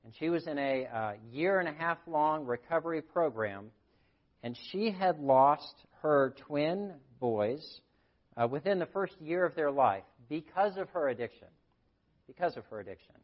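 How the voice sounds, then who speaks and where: A man's voice: on the high side, animated, moderate pace, muffled recording. A man, a grief counselor, giving an earnest sermon and telling stories with quoted voices. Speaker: grief counselor speaking at church.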